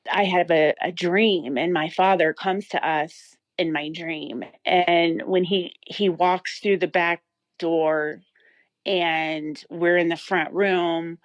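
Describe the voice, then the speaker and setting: A woman's voice: on the low side, fairly even intonation, slow pace, no echo, muffled recording. A woman in her thirties telling an emotional personal story as an interview guest, with many fillers and restarts.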